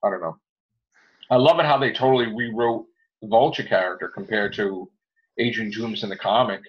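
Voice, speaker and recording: A man's voice: lowish voice, brisk. A man hosting a casual movie chat, rambling through critical opinions with many fillers. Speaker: podcast host. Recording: dull lo-fi recording.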